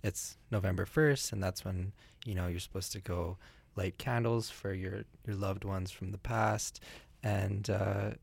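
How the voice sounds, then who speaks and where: Deep gravelly man, halting. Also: fairly even intonation. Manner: hesitant, halting. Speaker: radio co-host. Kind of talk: casual studio chat. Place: radio studio.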